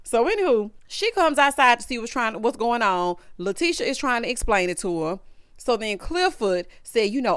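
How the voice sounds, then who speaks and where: A woman with a Southern US accent dishes on a reality show in a sassy, gossipy recap. Her voice sits a little high, swings up and down with animation, and stays smooth and clear. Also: big pitch swings, fairly quick, dry recording, clean studio sound. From Southern United States. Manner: sassy and gossipy, calls viewers honey and y'all. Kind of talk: casual recap commentary.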